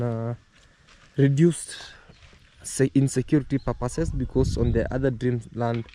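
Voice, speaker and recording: A man's voice: medium pitch, dark tone, a little hiss or hum. A man vlogging outdoors as he walks his home farm, talking in a loose, rambling way with many fillers and repeated phrases. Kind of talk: casual walk-and-talk vlog.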